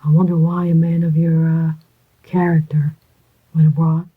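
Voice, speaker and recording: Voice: mid-range voice, little pitch movement, moderate pace, husky, lightly acted. A reader voicing a sly, contemptuous man posing as an army major, in a whispered role-play with a faintly mocking manner. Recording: dull lo-fi recording.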